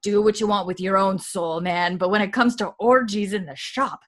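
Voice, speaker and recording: A woman imitating a grumpy, prudish man who is scandalized and exasperated, in a high, drawn-out complaining voice. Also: fairly bright tone, natural voice. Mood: indignant.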